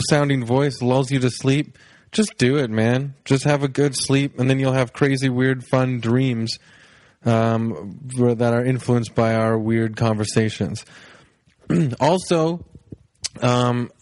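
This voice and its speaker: A man hosting a casual podcast, his voice sleepy and unhurried as he wanders between thoughts with plenty of ums. He sits at a middling pitch and is recorded dry and close, with no room echo. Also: a little mellow. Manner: sleepy-sounding, laid-back, rambling with fillers. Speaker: podcast host. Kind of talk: casual rambling podcast intro. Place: home, on his couch.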